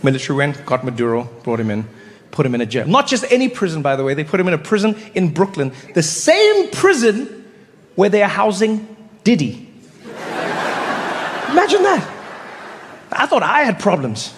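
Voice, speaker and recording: Male stand-up comic, lively storytelling, fairly high voice, long hall reverb, faint room noise. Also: normal speed, long pauses. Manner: animated storytelling, jumps into character voices. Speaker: stand-up comedian. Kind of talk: stand-up comedy.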